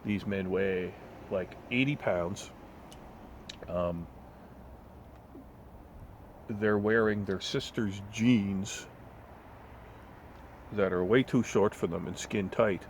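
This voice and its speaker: Very deep-voiced man ranting, blunt and profane. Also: slow, long pauses, slight background noise. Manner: blunt, swearing, storytelling with mocking voices. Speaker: vlogger. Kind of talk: profane casual rant.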